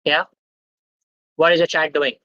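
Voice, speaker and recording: A man's voice: on the high side, flat delivery, a little slow, sharp tone, no echo, muffled recording. A young man, teaching a live online workshop. He quizzes the chat and keeps checking in with "okay?". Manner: interactive, quizzes the chat, tags sentences with "okay?". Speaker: guest speaker at a student tech workshop.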